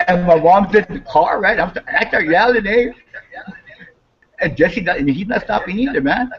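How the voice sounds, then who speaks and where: A man's voice: sits high, moderate pace, dull audio. A man in casual talk telling a story, swearing freely and acting out heated quotes. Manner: animated, swears a lot, acts out quotes with raised voice.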